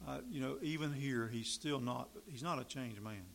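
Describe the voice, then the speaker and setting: A man preaching a sermon, emphatic, rising loud and high for key points and dropping to quiet asides. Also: normal speed, gravelly, slight background noise.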